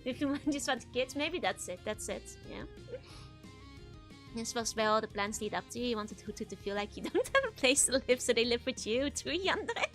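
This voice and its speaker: A woman with a high, bright voice chats casually on a live stream and answers viewer messages as they come in. Soft game music plays in the background. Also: animated, moderate pace.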